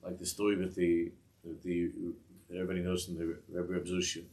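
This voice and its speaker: A man teaching a class who tells a Hasidic story in a rambling, halting way, with many restarts and asides. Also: deep voice, completely flat delivery, a little mellow, recorded from a distance. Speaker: Torah teacher.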